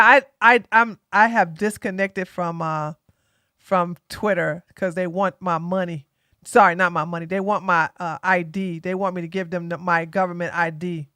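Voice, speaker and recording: A woman hosting a casual political live stream, excitable and mocking, with loud bursts of laughter. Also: medium pitch, no room sound, studio quality.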